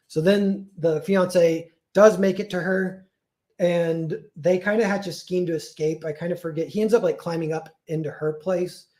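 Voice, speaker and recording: A man's voice: on the high side, a little mellow. A man casually retelling a folk tale on a livestream, rambling and full of "like" and self-corrections. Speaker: streamer.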